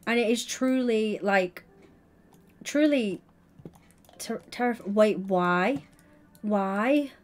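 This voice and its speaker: Gushing, excitable woman streamer. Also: fairly high pitch. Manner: gushing, affectionate, excitable, greets viewers by name. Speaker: livestreamer. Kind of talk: casual gaming livestream chat.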